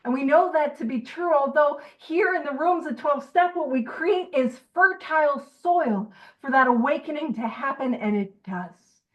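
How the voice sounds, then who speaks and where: High-voiced woman leading a recovery study. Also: normal speed, dull audio. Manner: lively, joking, emphatic. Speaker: meeting chair reading aloud. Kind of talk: recovery meeting group study.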